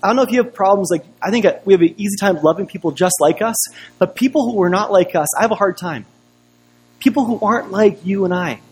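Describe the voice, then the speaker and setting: A man's voice: high voice, fast, husky. A man preaching a sermon as pastor, telling a personal story in a conversational way full of rhetorical questions.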